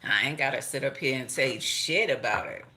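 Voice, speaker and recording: A middle-aged woman giving a casual tarot and astrology reading, blunt and profane, animated and laughing often. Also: rumbling low, moderate pace, noisy background. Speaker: tarot reader.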